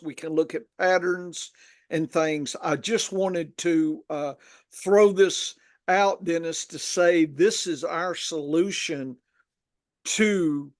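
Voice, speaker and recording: Folksy Southern man, higher voice. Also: no echo, clean studio sound. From Arkansas, USA. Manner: rambling, folksy, lots of restarts. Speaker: podcast host. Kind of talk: casual podcast chat.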